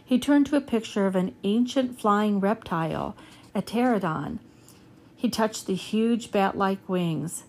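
A woman reads a children's chapter book aloud. Her delivery is steady and even, the way a storyteller keeps the tale moving. Her voice sits at a middle pitch for a woman. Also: unhurried, vocal fry. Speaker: reader.

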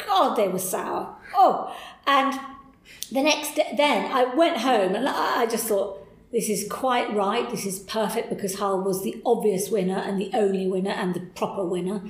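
A woman's voice: mid-range voice, normal speed. Enthusiastic woman telling stories, roomy echo. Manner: animated and enthusiastic, acts out quoted voices. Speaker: podcast guest. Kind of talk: candid anecdotal storytelling.

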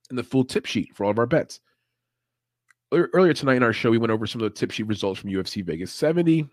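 Casual male podcast host, a bit low-pitched, swears freely, laughs a lot, dry close sound. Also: no echo. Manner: loose, profane, laughs often. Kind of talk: casual livestream chat.

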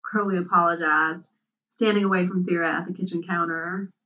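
A woman narrating a story aloud in an unhurried, soft-spoken way. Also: lowish voice, steady tone. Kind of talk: storybook reading. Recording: dull, distant sound.

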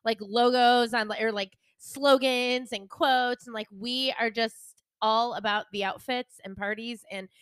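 A woman's voice: on the high side, fairly even intonation, a little slow, few pauses, fairly bright tone, smooth, no room sound. A young woman co-hosting a podcast, chatting casually, giggling and saying "like" a lot. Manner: giggly, peppers talk with "like". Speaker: podcast co-host. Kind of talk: casual chat.

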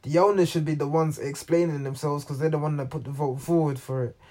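A man's voice: on the high side, steady tone, quick pace, darkish tone. A man hosting a football reaction channel, talking casually and rambling, with many ums and restarts. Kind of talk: casual unscripted commentary.

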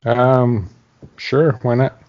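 A man's voice: mid-range voice, level tone, drawn-out words. A man chatting casually as a podcast co-host, easygoing and a bit unsure, trailing off. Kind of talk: casual chat. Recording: dull, lo-fi mic.

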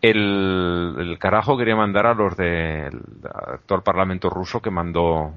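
A man from chats casually on a podcast, halting and restarting his sentences. The sound is dry and dull, with no room around him. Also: low voice, steady tone, dry recording. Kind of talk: casual chat.

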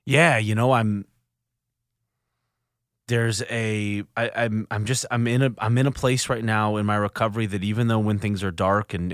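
A man with a fairly low voice hosts his podcast alone in a studio, with no room sound. He reflects earnestly, often breaking off and starting his sentences again.

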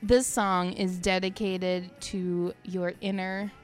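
A woman's voice: lowish voice, level tone, slow pace, soft background music. A woman co-hosting a casual chat podcast, bubbly, giggly and playful. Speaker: podcast co-host.

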